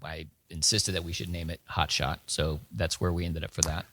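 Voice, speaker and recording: A man's voice: a bass voice, flat delivery, brisk, fairly bright tone. A man who owns a winery, a guest in casual chat, with a dry teasing humor.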